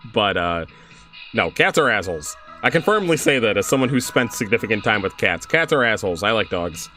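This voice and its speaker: A man's voice: lowish voice, sing-song, normal speed, pushed and bright, faint music behind. A young man streaming a game, chatting casually, laughing often and reading on-screen text aloud.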